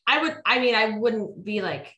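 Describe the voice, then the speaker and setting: A woman, a teacher and podcast guest, chatting and telling stories in an animated way. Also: on the high side, normal speed, lo-fi sound, a crowd in the background. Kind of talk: casual podcast chat. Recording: roomy echo.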